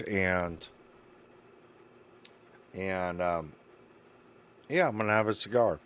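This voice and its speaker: Deep-voiced man, emotional streamer sign-off. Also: unhurried, pauses often, fairly bright tone. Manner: rambling, heartfelt and emotional, many fillers. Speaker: game streamer. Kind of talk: casual stream sign-off chat.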